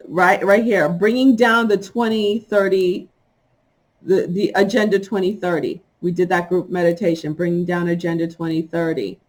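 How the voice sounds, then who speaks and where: A middle-aged woman talking straight to her viewers in a casual monologue, emphatic and indignant, speaking in quick bursts broken by laughs. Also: fairly low pitch, fairly even intonation. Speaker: spiritual vlogger.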